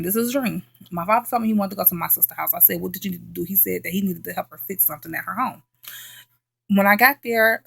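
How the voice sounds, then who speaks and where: Emphatic woman vlogger, gravelly and dry. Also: medium pitch, a bit bright, no echo. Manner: emphatic, repeats herself, checks in with "okay?". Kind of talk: casual late-night storytelling chat.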